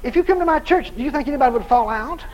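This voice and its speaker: A jittery small-church preacher, put on by a man telling the story nags on and on. The voice sits very high and moves a lot. He pleads and repeats himself in circles. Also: expressive, very fast, lo-fi sound, very noisy. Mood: insistent. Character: anxious middle-aged male country preacher.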